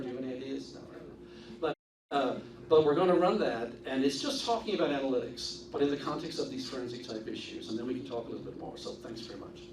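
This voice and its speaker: A man talks to a conference audience in a loose, conversational way with frequent fillers. He sounds distant in a reverberant room, with steady noise behind him. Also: medium pitch. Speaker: conference speaker. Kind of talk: live conference talk. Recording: roomy, distant, noisy live recording.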